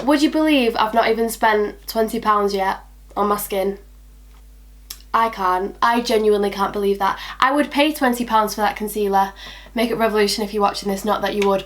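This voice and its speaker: Bubbly young beauty vlogger. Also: female voice, mid-range voice. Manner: chatty and bubbly, talks to herself and her products. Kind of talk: casual makeup tutorial chat.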